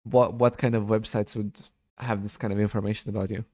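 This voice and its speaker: A man's voice: fairly low pitch, little pitch movement, fairly quick, a little mellow, no room sound, studio quality. A man tutoring programming in a casual chat, patient and prone to repeating himself.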